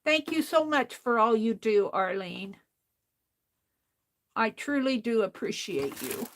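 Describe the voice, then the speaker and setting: A woman's voice: a little high, lively intonation, slow, slight background noise. A woman hosting a crafting livestream, chatting casually, thinking aloud and talking to her viewers. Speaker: livestream host.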